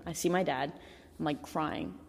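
Chatty young woman, low voice, echo. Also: moderate pace, gravelly. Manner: candid, chatty, heavy use of filler "like", swears. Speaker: vlogger. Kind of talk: casual storytelling.

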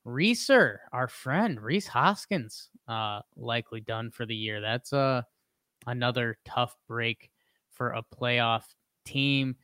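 Guy doing a laid-back sports rundown on a podcast, dry mic, normal pitch. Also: lively intonation, slow pace, sharp tone, clean tone, no echo. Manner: easygoing, quips between headlines. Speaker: podcast co-host reading sports news. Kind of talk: casual chat and sports rundown.

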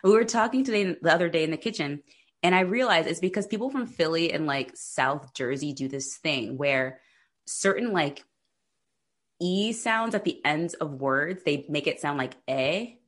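A woman with a husky, slightly low voice talks in a loose, animated chat. She strings thoughts together with constant "like" fillers and breaks into laughter often. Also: normal speed. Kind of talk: casual chat.

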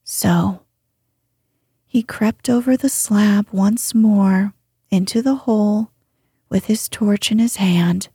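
A woman narrating a storybook in a whispered reading, her voice very breathy and hushed. She reads slowly and steadily, with a mellow, dark tone. The sound is close and dry. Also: mid-range voice, no echo.

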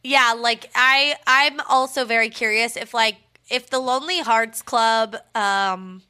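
A woman's voice: on the high side, measured pace, bright, forceful tone, smooth. A tipsy young woman co-hosting a podcast, chatting casually and crudely, laughing often. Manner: crude joking, laughs often, puts on silly voices. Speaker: podcast co-host. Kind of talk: casual chat.

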